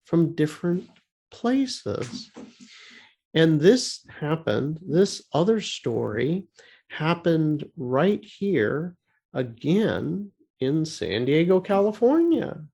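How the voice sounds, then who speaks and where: A man co-hosting a radio show, telling a story in a halting way, often repeating words and restarting. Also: a little high, creaky, darkish tone. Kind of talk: casual storytelling.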